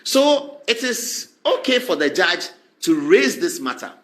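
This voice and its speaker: A man delivers talk-show commentary, his voice bright and high-pitched. He swings widely in pitch and acts out quoted exchanges in shifting voices. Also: sing-song, a little slow.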